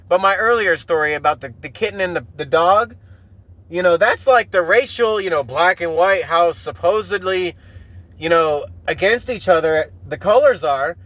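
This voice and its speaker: A man's voice: high-pitched, a bit bright, no echo. A man hosting a podcast, rambling emotionally and with a lot of swearing while driving his car. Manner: profane, rambling, emotional storytelling. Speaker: podcast host. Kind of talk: rambling casual monologue.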